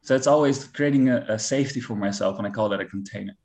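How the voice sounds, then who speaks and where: A man's voice: lowish voice, fast, a little mellow. A man speaking as a relationship coach on a podcast, earnest and reflective, often restarting his sentences. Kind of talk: casual podcast conversation.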